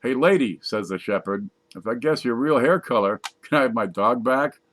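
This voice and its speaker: A man casually reading jokes aloud from a page, putting on higher voices for the punchlines. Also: expressive, moderate pace, fairly bright tone. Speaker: joke reader.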